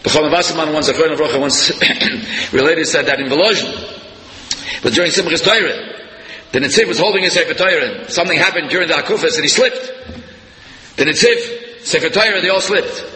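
A man delivers a Torah lecture in a bright, slightly high voice. He swings into sharp, animated peaks as he tells stories. The recording carries a long hall echo with faint room noise behind. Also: brisk. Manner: animated storyteller, voice leaping up for emphasis. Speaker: rabbi giving a Torah class. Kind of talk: sermon-style Torah lecture.

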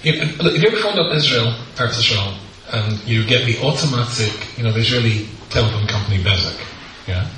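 A middle-aged British rabbi telling a humorous anecdote to an audience, acting out the people in it. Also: male voice, mid-range voice, a little hiss or hum. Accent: British English. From Britain. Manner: animated storyteller, acts out the people in the story. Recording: very roomy echo, speaker far from the mic, faint ambience.

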